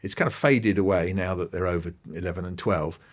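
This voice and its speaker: Brisk and animated, a man shares stories as a podcast interview guest, his pitch rising and falling throughout.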